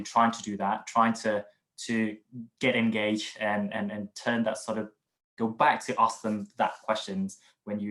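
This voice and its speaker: A man's voice: on the low side, fairly bright tone, low-quality recording. A man hosting an online webinar over a video call, coaching in a casual way, teasing his co-presenter and laughing easily. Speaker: webinar host.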